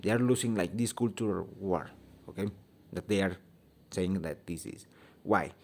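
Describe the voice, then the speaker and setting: Mexican guy ranting on his channel in second-language english, lots of ums, swears, soft dark tone. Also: sits low. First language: Spanish. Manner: halting, searching for words, many ums; blunt, swears freely. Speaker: channel host. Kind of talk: opinion vlog rant.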